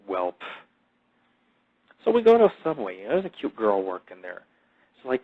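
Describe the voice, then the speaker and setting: A man's voice: a little high, big pitch swings, brisk. A man hosting a podcast, telling crude stories in a boastful, profane, rambling way full of fillers. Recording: dull lo-fi audio.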